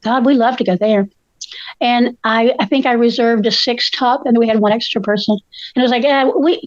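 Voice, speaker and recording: A woman's voice: fairly high pitch, a little fast, no echo, lo-fi sound. An older woman, a co-host telling stories in casual chat, feisty and acting out the voices of the people she quotes.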